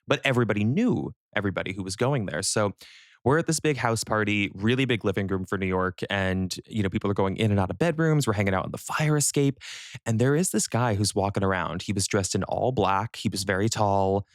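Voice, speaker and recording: A young man co-hosting a podcast in casual chat. He tells a story in a loose, rambling way, full of fillers and asides. His voice sits fairly low, and the close mic leaves it dry. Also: brisk, no echo. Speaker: podcast co-host.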